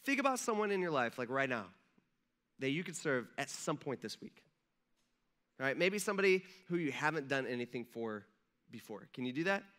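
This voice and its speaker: In a church sanctuary, a male pastor gives a casual sermon, conversationally acting out the lines of biblical figures. His mid-range voice is sing-song, brisk, and a bit bright.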